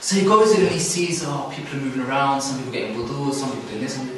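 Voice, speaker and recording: A man's voice: mid-range voice, rapid-fire, distant mic, slight background noise. Young man telling a story in an echoey hall. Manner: animated, acts out characters in the story. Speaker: camp speaker. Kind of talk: storytelling religious talk. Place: hall at a youth camp.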